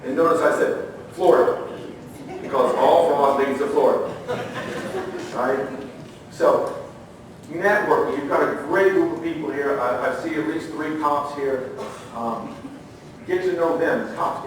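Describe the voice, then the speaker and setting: A middle-aged man giving a training talk at a conference, telling lively stories, acting out the quotes and asking the audience questions. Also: fairly high pitch, normal speed, a little hiss or hum. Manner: animated storyteller, acts out quotes, asks the audience questions. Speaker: conference speaker, former federal agent. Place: conference room. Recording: echoey room, heard from far off.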